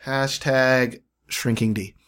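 A man's voice: medium pitch, fairly even intonation, slow, a bit bright. A man co-hosting a casual podcast, joking and getting defensive in a loose back-and-forth. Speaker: podcast co-host. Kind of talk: casual chat.

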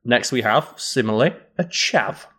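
Bantering male co-host, casual chat, mid-pitched. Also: lively intonation, normal speed, pushed and bright. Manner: bantering, explains slang with acted examples. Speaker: podcast co-host.

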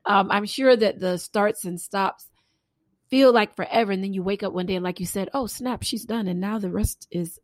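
A woman's voice: mid-range voice, steady tone, moderate pace, dry recording. Chatty woman interviewer, dry sound. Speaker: interviewer, host. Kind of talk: casual interview talk.

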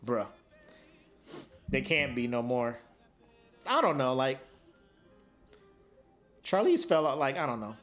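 A man's voice: medium pitch, sing-song, slow, long pauses, a bit bright, faint music behind. A man co-hosting a podcast in casual chat, joking and slangy, laughing often. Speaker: podcast co-host.

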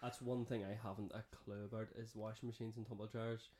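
A man with a Northern Irish accent mixing Downpatrick and Belfast, hosting a casual podcast and telling stories in a sweary, animated way. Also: lowish voice, brisk, a little hiss or hum. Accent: Northern Irish, Downpatrick and Belfast mix. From Northern Ireland. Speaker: podcast host.

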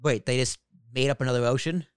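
A man's voice: mid-range voice, steady tone, fast talker, clean tone, no room sound, clean studio sound. A young man co-hosting a casual news podcast, joking around and reading out news items with fillers. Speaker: podcast co-host.

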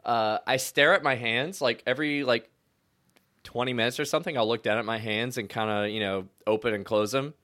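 A young man chatting casually and telling wild stories with loose slang. His voice is bright and forceful, and he jumps into louder, higher bursts when he acts out what he said. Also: a little fast. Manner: animated storyteller, slangy, acts out quotes loudly. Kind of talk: casual chat.

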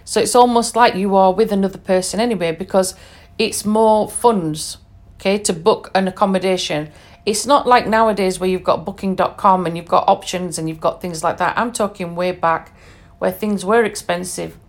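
A middle-aged woman with a British accent speaks in a casual, storytelling monologue. She talks chattily and candidly, with ums and little asides to the listener. Her voice sits at an ordinary middle pitch. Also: fairly even intonation, moderate pace. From England.

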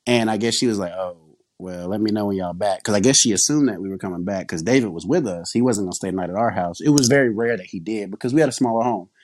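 A man's voice: fairly low pitch, racing, few pauses, darkish tone, no echo. A man chatting casually on a podcast, chiming in and retelling a story with laughs. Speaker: podcast co-host. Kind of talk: casual chat.

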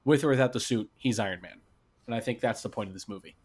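A man's voice: on the low side, fast, a little mellow, husky. Chatty man debating a film. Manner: enthusiastic, restarts often, quotes lines. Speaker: podcast co-host. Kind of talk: casual film discussion.

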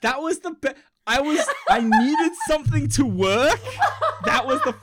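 A man's voice: very high voice, wildly swooping pitch, a little slow, heavy background noise. Co-host: young Aussie guy, self-deprecating jokester, laughs easily. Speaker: podcast co-host. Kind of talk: casual chat.

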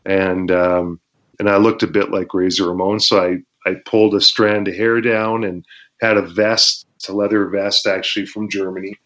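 This guest, once a pro wrestler, chats through stories at a normal speed in a deep, low voice, easygoing and laughing, with lots of fillers. It's casual interview storytelling captured in muffled, lo-fi sound.

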